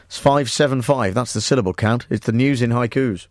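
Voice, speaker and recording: A man's voice: medium pitch, fairly quick, over loud music. A man hosting a radio show, chatting wryly and rambling with lots of filler words. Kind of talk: casual radio banter.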